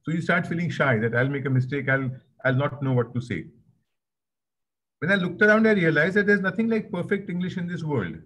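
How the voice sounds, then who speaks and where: A man's voice: fairly high pitch, fairly quick, fairly bright tone, poor audio. A man with an Indian accent giving a conversational webinar talk, anecdotal and repeating phrases for emphasis, over a video call. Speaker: webinar guest speaker.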